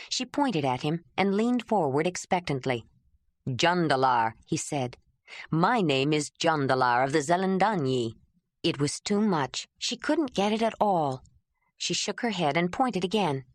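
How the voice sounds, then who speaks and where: In an even, measured storytelling style, a mid-range female voice reads a novel aloud as an audiobook. The scripted narration is recorded dry at studio quality.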